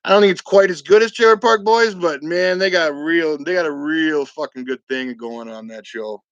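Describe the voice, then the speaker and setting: A man chats loosely from his basement, swearing often and joking through the talk. His voice sits a little on the high side, and the recording is dry and close, with almost no room sound. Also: moderate pace, a bit bright, no room sound, dull audio. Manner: profane, laid-back joking. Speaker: fantasy football show co-host. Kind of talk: casual livestream banter. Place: basement at home.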